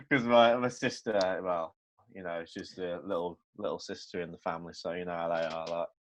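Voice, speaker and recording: A young man chatting casually on a podcast, telling a story in a relaxed way. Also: sits low, normal speed. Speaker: podcast co-host. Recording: slightly dull, lo-fi sound.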